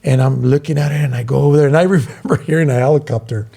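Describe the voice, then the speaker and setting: Racing along in a fairly high, gravelly, slightly rough voice, the middle-aged Southern California man casually tells a long story as a podcast co-host. He's animated and acts out the voices of those involved.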